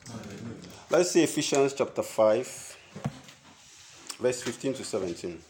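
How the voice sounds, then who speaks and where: A man, a pastor, preaching a sermon in a lively storytelling way, acting out the people he quotes. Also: medium pitch, a little slow, a little hiss or hum.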